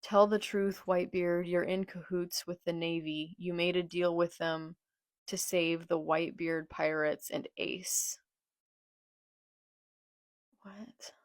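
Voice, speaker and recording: A woman reading out a betrayed male pirate captain's accusations in a quiet, subdued tone. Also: fairly low pitch, fairly even intonation, slow pace, pauses often, no echo. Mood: bitter. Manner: accusing, subdued read-aloud.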